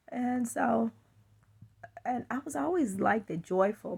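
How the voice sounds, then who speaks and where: A woman's voice: on the high side, animated, measured pace, gravelly, husky. A woman telling a personal story in a chatty way, laughing now and then and acting out what people said. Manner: chatty, laughs while telling, acts out quotes.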